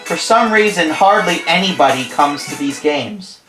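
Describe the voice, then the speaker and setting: A man's voice: on the high side, animated, moderate pace. A man with a stuffy nose giving playful, jokey play-by-play of a video game, often correcting himself. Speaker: host, play-by-play commentator. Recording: roomy sound with music behind. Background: game music.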